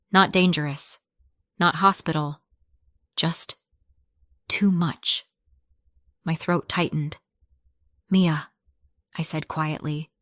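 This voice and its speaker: A woman reads a scripted first-person story slowly and deliberately, her slightly low voice soft and measured. The close, dry recording has no room sound and no echo.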